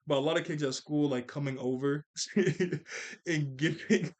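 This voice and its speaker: A man casually recapping a cartoon episode on camera, animated and slangy, laughing often and leaning on "like". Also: mid-range voice. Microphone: camera mic.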